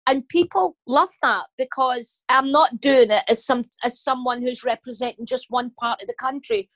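A woman's voice: high-pitched, normal speed, few pauses, fairly bright tone, no echo. A Glaswegian woman in her fifties, a comedian talking bluntly and cheekily in an interview, swearing freely. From Scotland. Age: 50s. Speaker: comedian and guest. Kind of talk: casual interview talk.

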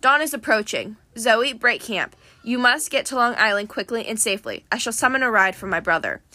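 A woman's voice: on the high side, animated, fairly quick, sharp tone, no room sound. A woman voicing a composed, authoritative young goddess in an audiobook. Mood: commanding. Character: young goddess, calm, commanding and aloof.

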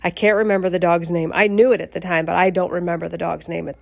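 A middle-aged woman casually telling a personal memoir, animated, swearing and laughing as she goes. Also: on the low side, quick pace, vocal fry. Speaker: storyteller.

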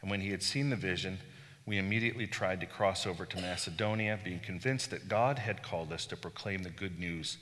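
A middle-aged man preaches a casual, storytelling sermon, poking fun at himself as he goes. His voice sits a little low yet rings bright and forceful. A long reverb trails each phrase, as if he is speaking in a large hall. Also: fairly quick. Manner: candid, self-deprecating storytelling with chuckles. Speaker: bishop preaching. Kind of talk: conversational sermon.

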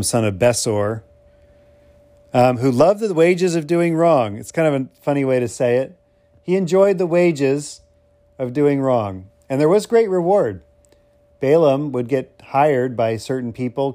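A man's voice: mid-range voice, warm tone. A man teaching through a Bible passage on a podcast, musing and hesitant with many ums and wry asides.

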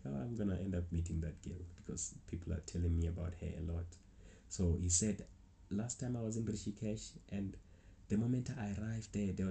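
A man's voice: low-pitched, warm tone. A young man casually telling a rambling travel story. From South Africa. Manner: rambling, with many restarts and acted-out quotes. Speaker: travel vlogger.

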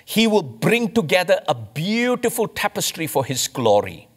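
A man from India, a pastor, preaching a sermon with emphatic rises and slow, stressed phrases. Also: high-pitched, very animated.

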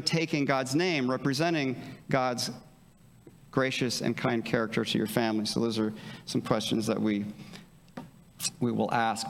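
A man preaching a sermon as pastor, earnest and conversational, often checking in with his listeners. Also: mid-range voice. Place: church sanctuary. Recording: church hall reverb.

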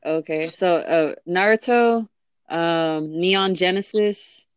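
A woman's voice: lowish voice, slow, smooth, no echo. A young woman in casual chat, rambling with lots of fillers and restarts. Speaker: interviewee.

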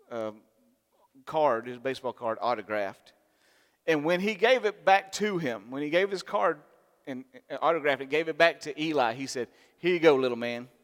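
A middle-aged man preaching a sermon, swinging from loud, emphatic lines to soft, intimate asides. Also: on the high side. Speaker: pastor. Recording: long hall reverb.

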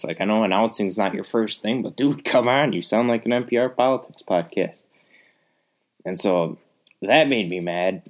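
A man's voice: fairly low pitch, normal speed. A young man hosting a podcast, ranting in an exasperated, rambling way with lots of fillers. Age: young adult. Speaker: podcast host. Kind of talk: casual solo rant.

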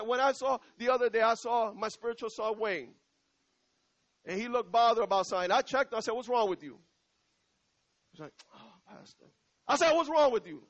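A middle-aged male pastor preaching to his church in a loose, conversational way, drawing out key lines slowly and repeating them. His voice sits high for a man. The recording sounds muffled and lo-fi. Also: a bit bright. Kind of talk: sermon.

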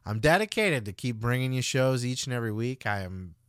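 A man's voice: mid-range voice, expressive, a little fast, clear, resonant tone, no echo, clean studio sound. Casual, rambling male podcast host. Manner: loose, rambling, swears casually.

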